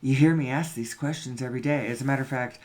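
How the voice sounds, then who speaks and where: A man's voice: mid-range voice, steady tone, quick pace, a little mellow. A man talks through a loose, musing monologue in a mid-range voice. He circles back on the same phrases, poses rhetorical questions and drops in a casual curse now and then. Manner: musing, repeats himself, asks rhetorical questions, casual cursing. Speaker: spiritual talk host. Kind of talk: rambling spoken monologue.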